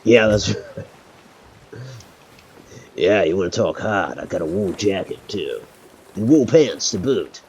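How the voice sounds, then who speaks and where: A man's voice: sits low, expressive, slow pace, long pauses, a little mellow, slight background noise. A man streaming a pirate game, chatting casually with a friend, joking, swearing freely and laughing often. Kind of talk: casual chat while gaming.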